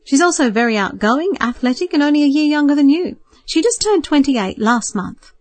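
A woman voicing a warm, worried middle-aged mother who coaxes her grown son gently, read in a higher, lifted voice in a dry recording. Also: very animated, moderate pace, dry recording. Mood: hopeful. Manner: gentle, coaxing, softly persistent. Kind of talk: audiobook character voice.

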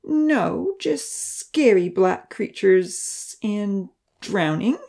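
A woman's voice: high voice, wildly swooping pitch, fast talker, voice pushed up, exaggerated voice. A woman doing timid, whiny little girl. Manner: timid, trembling.

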